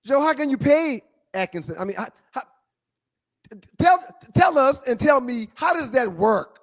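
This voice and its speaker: A man with a high-pitched voice co-hosts a sports talk podcast. He sets up topics and presses his partner with pointed questions, leaning on key words. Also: sing-song, gravelly. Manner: leading questions, deliberate stresses. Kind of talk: casual sports debate.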